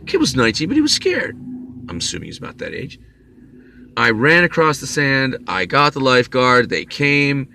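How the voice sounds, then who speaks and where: A man's voice: mid-range voice, huge pitch swings, normal speed, creaky, sharp tone, slight background noise. A middle-aged man telling a personal story as a bitter, intense monologue, swearing often and stumbling over restarts. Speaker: vlogger.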